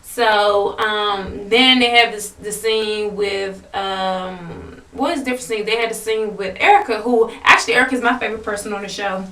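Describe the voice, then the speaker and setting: A woman's voice: mid-range voice, fairly even intonation, normal speed, few pauses, a bit bright, far from the mic. A woman in her twenties casually retelling a reality-show episode, rambling with lots of fillers and restarts. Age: 20s. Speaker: vlogger reviewing a reality show. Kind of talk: casual chat. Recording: echoey room, voice away from the mic.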